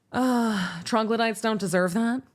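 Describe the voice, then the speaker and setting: A young American woman hosting a livestream, chatting casually and answering chat in a rambling, animated way with laughs. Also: a little high. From United States. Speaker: VTuber streamer.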